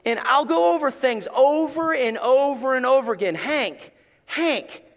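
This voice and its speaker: A middle-aged man, a pastor, preaching a sermon with animated storytelling and playful asides. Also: very high-pitched, moderate pace, long reverb tail.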